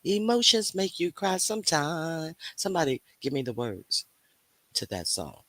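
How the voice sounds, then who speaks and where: A man's voice: fairly high pitch, sing-song, normal speed, a bit bright. A man hosting a casual livestream, teasing the chat, reading out viewer names and breaking into snatches of song. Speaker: livestream host.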